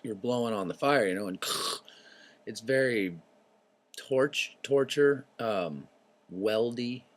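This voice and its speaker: A man hosting his own show, talking in a loose, rambling monologue that drifts into tangents, swearing freely and clearing his throat often. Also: medium pitch, slow pace. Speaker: show host.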